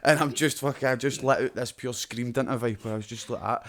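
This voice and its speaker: A man's voice: mid-range voice, steady tone, brisk, fairly bright tone. A young Scottish man co-hosting a podcast, telling stories in a sweary, laughing way. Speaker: podcast co-host. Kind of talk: casual chat.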